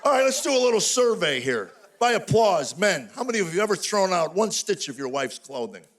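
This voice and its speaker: An older man doing a stand-up comedy routine on stage, telling stories in an animated, exasperated way. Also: high voice, brisk, background noise. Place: stage before a live audience.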